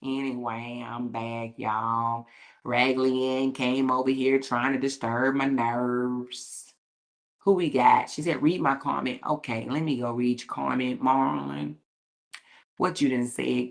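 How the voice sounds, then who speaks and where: A woman's voice: a bass voice, steady tone, a little slow, creaky. A woman hosting a livestream, reading comments aloud in a blunt, sassy, profane way and laughing often.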